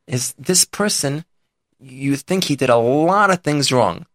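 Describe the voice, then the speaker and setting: A man's voice: medium pitch, animated, measured pace, fairly bright tone, no echo, studio quality. A man telling a religious folk story in a casual, conversational way with fillers and restarts.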